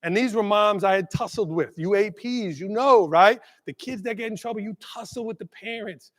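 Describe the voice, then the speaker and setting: A man giving a motivational keynote as a school leader, telling a story with animated energy and checking in with the crowd with constant "right?"s. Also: sits high, normal speed. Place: large conference hall. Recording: long hall reverb.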